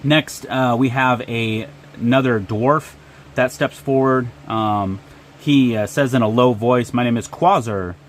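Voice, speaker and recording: A man's voice: mid-range voice, fairly even intonation, takes it slowly, a little hiss or hum. Guy running a solo tabletop rpg, lots of ums and uhs. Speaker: solo game narrator. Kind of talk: narrating a solo tabletop game.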